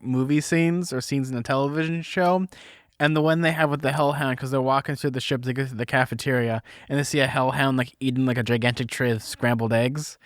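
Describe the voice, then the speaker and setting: A man's voice: mid-range voice, no echo, studio quality. A young man co-hosting a podcast, chatting casually and playfully about a book. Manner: playful, jokey asides. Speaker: podcast co-host. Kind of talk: casual book discussion chat.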